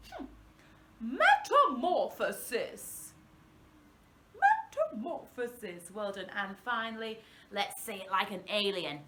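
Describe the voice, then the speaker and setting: Lively, high-voiced woman teaching children. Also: roomy sound, a little hiss or hum. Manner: animated, encouraging, drawn-out words. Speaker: primary school workshop presenter. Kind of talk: interactive singalong lesson for young children.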